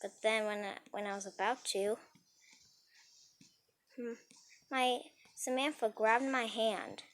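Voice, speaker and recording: A woman's voice: on the high side, steady tone, takes it slowly, pauses often. A woman telling a casual storytime tale, rambling and breathless as she goes.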